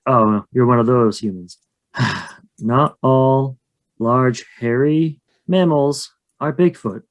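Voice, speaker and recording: A man's voice: mid-range voice, slow. A man voicing a shy, huge, hairy male skunk ape who lives in a swamp cave, talking in a flustered, rambling, hesitant way. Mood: weary, lecturing.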